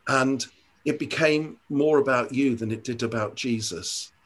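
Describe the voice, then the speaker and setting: An older man speaks in an ordinary, mid-pitched voice, earnest and reflective. He is a church leader chatting in an interview. He often hesitates and restarts his sentences as he thinks. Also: a little slow, a bit bright. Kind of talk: conversational interview storytelling.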